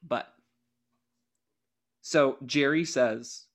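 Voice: medium pitch, expressive, a little slow, fairly bright tone. A podcast co-host in casual chat, arguing in a heated, exaggerated way and pushing their point hard.

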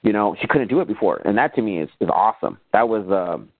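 A quick-speaking man with a fairly low voice tells stories as a podcast guest, acting out past conversations as he goes. The sound is tinny and narrow like a phone line, and it is dry with no room echo. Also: creaky, breathy edge. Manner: animated storyteller who acts out remembered conversations. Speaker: podcast guest, business owner. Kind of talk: casual interview storytelling.

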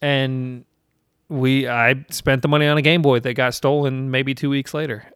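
A man's voice: mid-range voice, little pitch movement, moderate pace, fairly bright tone, clean tone, dry recording, studio quality. A man in his thirties from South Carolina, hosting a casual chat and telling a rambling, profane story with self-deprecating laughs.

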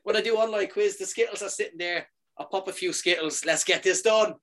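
A man in his thirties, a comedian chatting casually and telling animated stories, leaping up in pitch for quoted lines. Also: brisk, a little hiss or hum. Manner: animated storyteller, jumps high for quoted lines. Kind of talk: casual chat.

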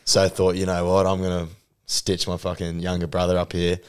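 A man's voice: sits low, completely flat delivery, fairly quick, darkish tone, clear, resonant tone. A young man telling a rambling story in a casual podcast chat, full of fillers and swearing. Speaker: podcast co-host.

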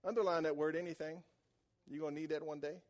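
This pastor preaches to his church with repeated phrases for emphasis, his delivery rising from quiet, intense passages into loud, excited ones. He has a voice on the high side and a quick pace.

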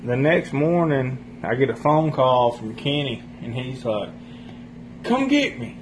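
A man's voice: medium pitch, unhurried, background noise. A man casually telling a rambling, profane story among friends. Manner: rambling, profane, laughs while telling stories.

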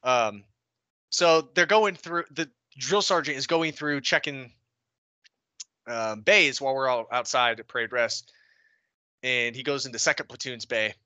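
A young man co-hosting a podcast, animated and profane as he tells army stories with laughs. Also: mid-range voice, measured pace, long pauses, no echo. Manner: animated storyteller, swears freely, laughs while talking. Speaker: podcast co-host. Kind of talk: casual chat, swapping army stories.

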